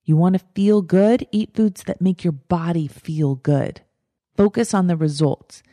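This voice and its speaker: Woman, podcast host, life coach, direct and emphatic, mellow low voice, dry close mic. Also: measured pace, no room sound. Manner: direct, emphatic, repeats her steps. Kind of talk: motivational podcast talk.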